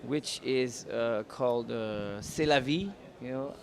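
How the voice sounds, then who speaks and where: A man in his thirties with a French accent, a singer answering interview questions in a friendly, unhurried way while searching for words in English. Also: medium pitch. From France. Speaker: singer and pianist. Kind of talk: casual interview.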